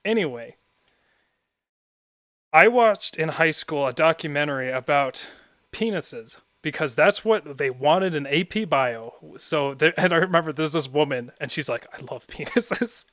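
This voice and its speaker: A man's voice: fairly high pitch, lively intonation, a little slow, a bit bright, no echo, clean studio sound. A young man streaming and chatting casually while gaming, rambling and often laughing at his own stories.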